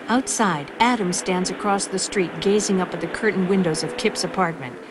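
A woman reads audio description in a calm, even voice. Her voice sits a little low for a woman. Loud film ambience runs underneath. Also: moderate pace. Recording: noisy film soundtrack behind.

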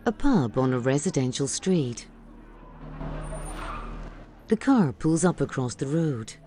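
A woman reading scripted audio description of a film, calm and even. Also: deep voice, slow pace, a little hiss or hum.

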